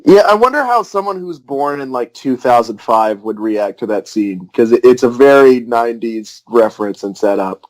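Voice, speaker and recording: A man talking as a guest TV writer on a podcast, relaxed and reflective, often restarting his sentences. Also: medium pitch, normal speed, hardly any pauses, low-quality recording. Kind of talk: casual podcast chat.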